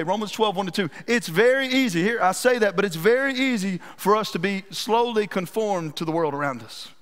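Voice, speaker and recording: A man preaching a sermon as pastor, telling stories in a folksy, animated, self-deprecating way. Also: sits high. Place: church sanctuary. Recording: reverberant church hall.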